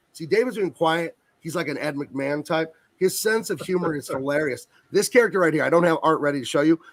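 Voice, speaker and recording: This man's voice is a little high with a fairly bright tone, and the audio carries no room sound. He's a guest on a video call, chatting casually and eagerly about his long-running work coloring comics.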